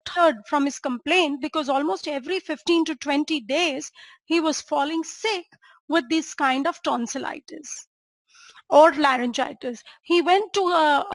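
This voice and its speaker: A high-pitched woman teaches a case as a doctor, keeping her listeners engaged with check-ins and rhetorical questions. The sound is dry and close, with no room echo. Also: a little slow. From India. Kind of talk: lecture presenting a clinical case.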